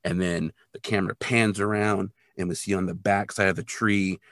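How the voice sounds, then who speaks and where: A man's voice: sits low, fairly even intonation, moderate pace, a bit bright, no room sound, studio quality. A man co-hosting a podcast, retelling a TV episode in a loose, casual way with lots of filler words. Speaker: podcast co-host.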